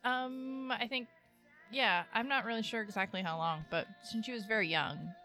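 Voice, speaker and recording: A woman in casual chat with a friend, relaxed and talkative, laughing often. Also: a little high, moderate pace, faint music behind.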